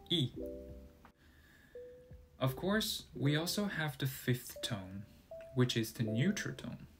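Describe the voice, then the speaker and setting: Male tutor, unhurried, mid-pitched voice, walks through sounds one by one over guitar music. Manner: careful, demonstrating sounds one by one. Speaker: Chinese language teacher. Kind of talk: slow explanatory language lesson.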